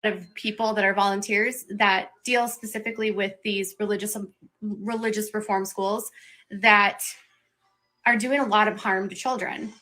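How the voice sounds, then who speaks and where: Earnest woman with a bright, tense voice. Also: medium pitch, fairly even intonation, rough recording. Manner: earnest, speaks in quick bursts. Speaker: livestream host. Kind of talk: serious commentary on a social issue.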